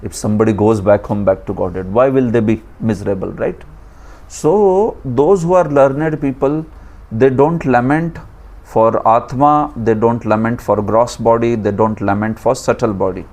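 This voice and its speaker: A man's voice: mid-range voice, moderate pace, darkish tone. A man with an Indian accent teaching a scripture class, lecturing and asking his students questions, with chuckling asides.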